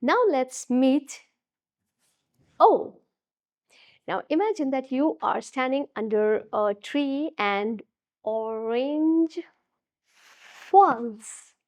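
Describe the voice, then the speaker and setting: Woman phonics teacher for kids, fairly high voice, slow and encouraging, models each sound. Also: expressive, a little mellow. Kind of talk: children's phonics lesson.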